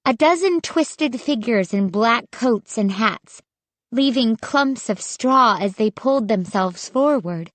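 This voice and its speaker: Woman narrator, spooky audiobook, slow, suspenseful, dry sound. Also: a little high, lively intonation, a bit bright, dry recording. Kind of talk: scripted horror narration.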